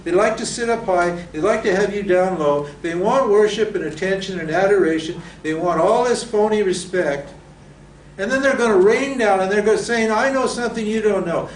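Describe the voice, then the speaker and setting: Male lecturer, higher voice, quizzes the class and answers himself, faint room hum. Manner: asks rhetorical questions and answers them. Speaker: Vedanta teacher. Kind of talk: lecture to students. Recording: roomy echo from a distant mic.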